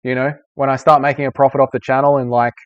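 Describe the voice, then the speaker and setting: A man's voice: medium pitch, little pitch movement, fast talker, no room sound, muffled recording. A young man hosting a casual live-stream Q&A, chatty and rambling, swearing freely. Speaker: streamer host.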